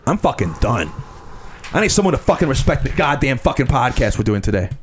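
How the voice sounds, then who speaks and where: A man hosting a comedy podcast, ranting angrily and swearing while yelling. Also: mid-range voice, sing-song, a little fast, slight background noise. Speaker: podcast host. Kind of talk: angry comedic podcast rant.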